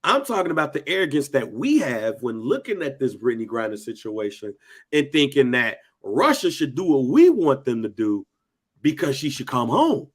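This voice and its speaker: Animated American man, lively pitch. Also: normal speed, husky. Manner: animated, slangy, acts out quotes in voices. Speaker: podcast co-host. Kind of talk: casual podcast chat.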